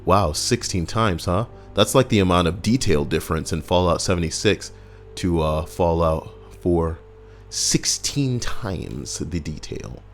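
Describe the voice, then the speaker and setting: A man's voice: deep voice, lively intonation, a little slow. A man giving casual, crude and rambling gameplay commentary, reading out a list while he plays and cracking jokes. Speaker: gaming YouTuber. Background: faint background music.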